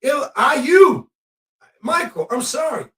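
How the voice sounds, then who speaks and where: A man with a high voice calls a game live, excitable and quick to yell at the officials. He sounds set back from the mic in an echoey room. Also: far from the mic. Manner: excitable, shouts at the refs and players. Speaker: podcast host. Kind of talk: live game-watching commentary.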